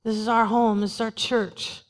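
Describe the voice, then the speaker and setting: A woman's voice: a little high, little pitch movement, moderate pace. A woman pastor preaching a sermon in a church, talking in a conversational way and repeating short refrains. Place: church sanctuary. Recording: long hall reverb.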